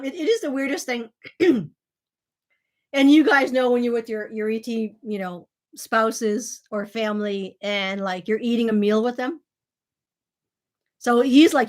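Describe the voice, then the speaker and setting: A woman, talking casually to her viewers in a rambling, chatty way with lots of fillers, acting out the voices of people she quotes. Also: fairly high pitch. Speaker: channel host.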